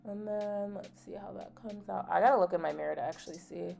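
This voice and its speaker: A woman's voice: mid-range voice, a little fast, creaky, warm tone, soft background music. A young adult woman vlogging a casual get-ready-with-me chat, candid and full of "like", telling stories with playful indignation. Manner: chatty and candid, peppered with "like". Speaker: beauty vlogger.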